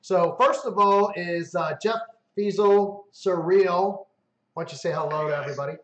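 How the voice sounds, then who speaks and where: A man hosting a casual live-stream chat, telling excitable stories with swearing and loud self-mimicry. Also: sits high, normal speed, echoey room, lo-fi sound. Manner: excitable storyteller, swears, mimics himself loudly. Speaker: host.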